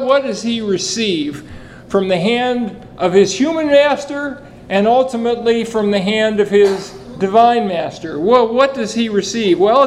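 A man preaching an expository sermon, reading scripture and asking the listeners rhetorical questions in a lively, animated way. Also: high voice, slight background noise, low-quality recording. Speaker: pastor.

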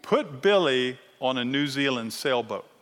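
A middle-aged man teaching a sermon-style lesson, animated and teasing, often checking in with the crowd. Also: mid-range voice, measured pace. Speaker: Bible teacher. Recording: long reverb of a large hall.

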